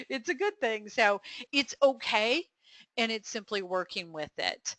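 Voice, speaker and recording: Bright, upbeat woman coaching instructor. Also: fairly high pitch, big pitch swings, slight background noise. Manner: upbeat and encouraging, quick affirmations, frequent fillers. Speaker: coaching instructor hosting a webinar Q&A. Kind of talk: live webinar Q&A.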